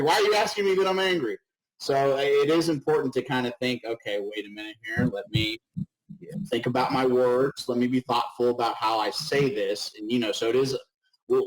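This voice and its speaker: A middle-aged man co-hosting a webinar over a video call, talking in an animated way, acting out little voices and often asking "right?". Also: mid-range voice, low-quality recording. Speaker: webinar co-host. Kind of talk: casual webinar talk.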